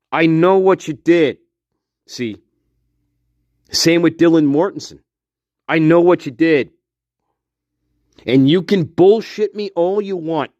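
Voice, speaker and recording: High, lively man ranting on lo-fi audio. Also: dry recording. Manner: profane, repetitive, accusatory. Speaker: true-crime commentator. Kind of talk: angry solo rant to camera. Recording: dull lo-fi dry recording.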